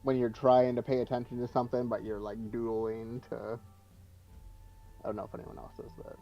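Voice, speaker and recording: A man's voice: mid-range voice, monotone, brisk, gravelly, lo-fi sound, soft background music. A man playing a tabletop game over a call, rambling and joking in casual chat. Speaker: player.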